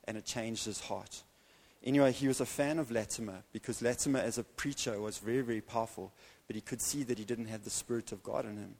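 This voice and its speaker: Pausing for effect, this evangelical preacher tells a story from the pulpit with lively delivery, speaking in a mid-range voice.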